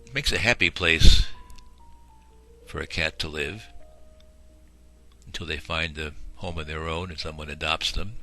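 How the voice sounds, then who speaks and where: A man with a very low, deep voice narrates a home video in a folksy, rambling manner, filling gaps with small fillers. Music plays steadily behind the voice. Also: unhurried, pauses often, bright, forceful tone. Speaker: shelter volunteer and video narrator.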